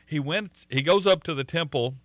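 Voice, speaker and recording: A man's voice: a little high, normal speed, a bit bright, no echo. A man preaching a sermon in a conversational way, often repeating words and using fillers as he tells a story.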